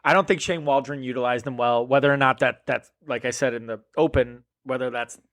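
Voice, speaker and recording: A man's voice: medium pitch, steady tone, a bit bright. A man co-hosting a casual fantasy football podcast, chatty and analytical as he lays out his picks. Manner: chatty, analytical, quick agreeing interjections. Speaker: podcast co-host.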